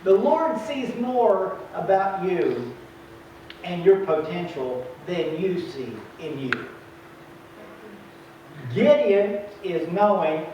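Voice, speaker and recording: A preacher with a high, bright voice delivers an animated sermon and acts out the lines of biblical figures. He is heard from a distance in a big, echoing room. The recording sounds dull and muffled. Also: slow, pauses often, slight background noise. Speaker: pastor. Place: church sanctuary.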